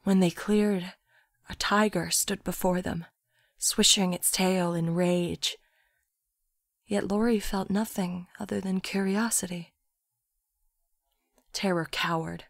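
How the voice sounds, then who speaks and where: A woman reading a literary story aloud, in a soft, often near-whispered narration. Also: lowish voice, fairly even intonation, slow pace, gravelly, pauses often, dry recording, studio quality.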